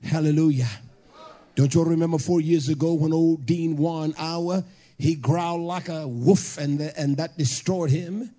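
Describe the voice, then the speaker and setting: A man preaching a fiery sermon to a congregation, hollering and emphatic, with bursts of shouting. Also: on the high side, fairly even intonation, a little slow.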